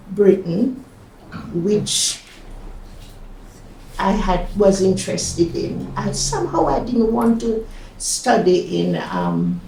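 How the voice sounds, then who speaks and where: A woman's voice: mid-range voice, vocal fry, warm tone, slight background noise. An older woman from Jamaica with a Jamaican accent, recalling her past in an oral history interview, hesitant, with fillers and restarts. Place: community centre room. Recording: echoey room, mic at a distance.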